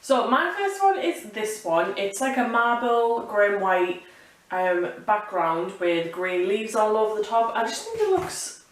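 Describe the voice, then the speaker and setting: A woman co-hosting a casual haul video, chatty and excitable, rambling between items. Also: medium pitch, measured pace. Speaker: YouTube co-host. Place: warm indoor room. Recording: roomy echo, distant mic, faint noise.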